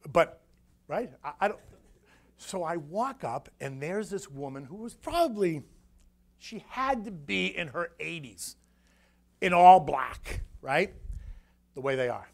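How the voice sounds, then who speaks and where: A man from the United States, a floor broker speaking as guest, telling a story in a rambling, animated way that repeats his words. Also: fairly high pitch, unhurried, creaky, pauses often. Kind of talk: casual emotional storytelling talk.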